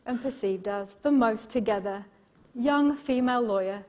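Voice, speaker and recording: A middle-aged English woman speaks with a slightly high voice, delivering a live motivational talk. She tells personal stories with warmth of emphasis, repeating words for effect and checking in with her listeners. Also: normal speed. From Yorkshire, England. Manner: expressive storytelling, emphatic repetition, engages audience. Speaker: keynote speaker and coach.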